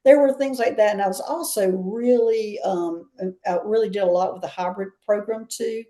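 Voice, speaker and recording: Mellow-voiced Southern woman telling stories. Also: medium pitch, moderate pace. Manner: chatty, laughs while telling stories. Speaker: guest. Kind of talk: casual interview storytelling.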